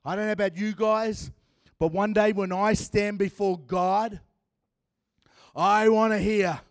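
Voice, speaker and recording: A man with an accent preaches in a high, slow-paced voice. His delivery lurches from loud, shouted declarations to quiet, dramatic passages. The sound is dry and close. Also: fairly even intonation, no room sound. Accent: non-American. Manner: swings from shouting to hushed, dramatic. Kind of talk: sermon.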